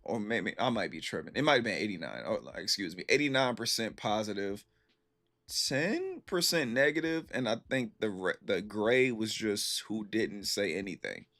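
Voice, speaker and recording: Animated man telling a work story. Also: lowish voice, normal speed. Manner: animated storytelling, slangy, repeats phrases. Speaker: streamer chatting with viewers. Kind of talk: casual stream chat.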